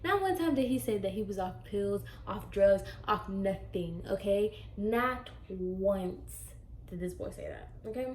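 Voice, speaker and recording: A young woman recounting a story in a casual storytime vlog, animated and sassy, with plenty of fillers. Her voice sits at an ordinary middle pitch. The room around her is echoey and hollow. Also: a little slow, slight background noise. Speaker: vlogger.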